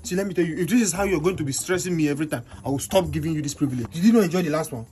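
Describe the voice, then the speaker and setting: A man plays a menacing Nigerian boyfriend figure who talks fast in a slightly raised voice, coaxing in a low tone one moment and scolding impatiently the next. Steady music runs clearly behind him throughout the web skit scene. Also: natural voice. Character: predatory man, the mother's boyfriend, coaxing and bullying. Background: background music.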